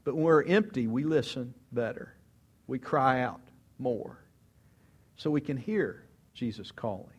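A man's voice: medium pitch, unhurried, breathy edge. A man preaching a sermon, telling stories with animation, asking rhetorical questions and acting out quotes. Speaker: pastor.

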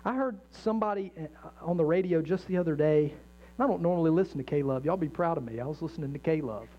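A man's voice: fairly high pitch, fast. A middle-aged man preaching a sermon as a pastor, earnest and conversational, mixing jokes and acted-out inner voices. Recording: dull lo-fi sound with faint mains hum.

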